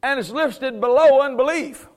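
A man's voice: extremely high pitch, moderate pace. A man teaching from the Bible in a conversational way, laughing often and mixing playful sarcasm with firm emphasis. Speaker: preacher.

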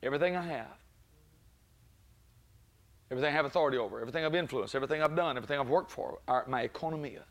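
A man preaching a sermon, moving between calm teaching and loud exclaiming peaks, often breaking in with praise. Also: medium pitch, very fast, long pauses. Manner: frequent "glory be to God" interjections.

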